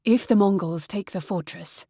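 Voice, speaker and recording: A tall, steady young man, read by a woman narrator talks in a calm, matter-of-fact way. The audiobook voice is close and dry, with an even pitch. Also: normal speed, slightly rough, no echo.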